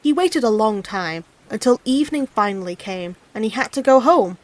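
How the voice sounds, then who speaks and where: A woman narrating a fairy tale as an audiobook reader, in an expressive, animated reading style. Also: a little high, normal speed. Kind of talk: storybook narration.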